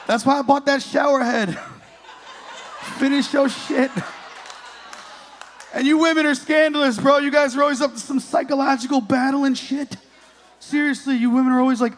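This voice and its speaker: A man's voice: extremely high pitch, moderate pace, long pauses, a bit bright. A man in his late thirties doing a profane stand-up comedy set on a club stage, teasing the crowd. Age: 30s.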